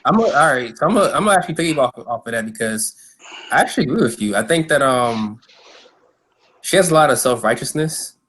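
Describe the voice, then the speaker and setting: A man in a casual podcast chat, relaxed and agreeable. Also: mid-range voice, fast talker. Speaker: podcast panelist.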